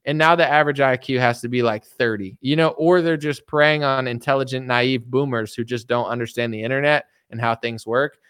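A man doing casual political commentary, talking quickly and mockingly with many fillers and acted-out quoted voices. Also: mid-range voice, a bit bright, clean tone, no room sound, clean studio sound. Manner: rapid, mocking, full of fillers.

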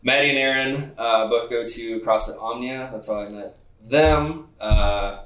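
A male podcast host with an easygoing, conversational manner. His voice sits at a middle pitch. Room echo surrounds his voice. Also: measured pace. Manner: easygoing, relaxed. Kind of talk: casual podcast intro and chat. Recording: roomy echo.

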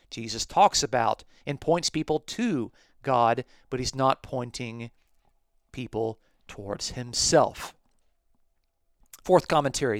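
A man hosting a talk podcast, reading from commentaries and explaining them in a measured way. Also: mid-range voice, fairly bright tone, clean tone, no echo. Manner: measured, explanatory, quotes sources aloud. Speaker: podcast host.

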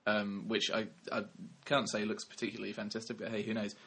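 A man's voice: fairly low pitch, completely flat delivery, fairly quick, fairly bright tone, husky. A young man co-hosting a film podcast, rambling wryly in casual chat and correcting himself. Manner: wry, rambling, self-correcting. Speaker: podcast co-host, film critic.

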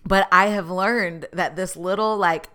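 A woman talking casually to her listeners in a self-mocking, chatty way, acting out quoted exchanges with big jumps in pitch. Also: fairly even intonation, a little slow, sharp tone. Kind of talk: casual monologue.

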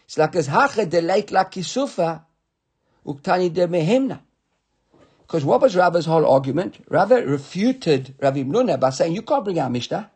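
A man with a fairly high, husky voice leads a Talmud study class. He reads the text aloud and then explains it, stumbling and repeating himself as he thinks things through. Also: animated, moderate pace, a little mellow. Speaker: Talmud teacher.

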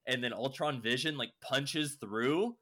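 A man's voice: mid-range voice, unhurried, pushed and bright. A young man casually recapping a show, rambling with lots of fillers and swearing. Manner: rambling, heavy use of "like" and swearing.

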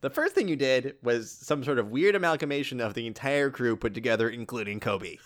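A man's voice: mid-range voice, animated, brisk. A man playing a tabletop role-playing game, laughing often and teasing the other players. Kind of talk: tabletop role-play banter.

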